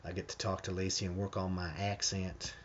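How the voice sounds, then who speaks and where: A man's voice: low voice, a little fast, dull audio, slight background noise. A man hosting a live stream, answering viewer questions in a casual, emphatic way and often restarting his sentences. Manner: emphatic and animated, with frequent restarts.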